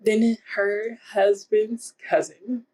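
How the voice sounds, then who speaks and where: A woman's voice: medium pitch, flat delivery, drawn-out words, darkish tone, breathy edge, poor audio. A young woman casually reviewing romance books in a rambling, giggly way, with lots of fillers. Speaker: book vlogger. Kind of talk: casual book review vlog.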